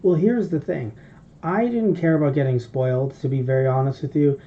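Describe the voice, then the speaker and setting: A man chatting on a podcast, talking in long, rambling, profane stretches. His voice is deeply dark and mellow, and the audio comes through a little dull and lo-fi. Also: brisk. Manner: rambling, profane, animated storytelling. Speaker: podcast co-host. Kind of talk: casual podcast chat.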